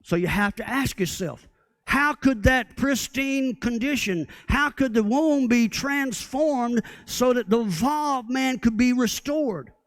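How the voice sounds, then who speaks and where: A man's voice: very high voice, slow, no room sound. A man preaching a sermon as pastor, often asking the congregation rhetorical questions.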